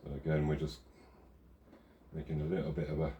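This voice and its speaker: A man's voice: very deep voice, flat delivery, a little fast, mellow, dull audio, a little hiss or hum. A man vlogging casually while building model railway scenery outdoors. He rambles, self-deprecating and chatty, with the odd curse. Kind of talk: casual hands-on craft commentary.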